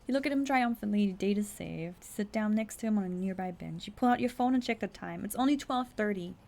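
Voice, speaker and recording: A young woman streaming herself playing a text adventure, reading the story text aloud quickly and breaking in with blunt, incredulous asides and the odd swear. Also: medium pitch, gravelly, darkish tone. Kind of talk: casual live-stream commentary, reading game text aloud.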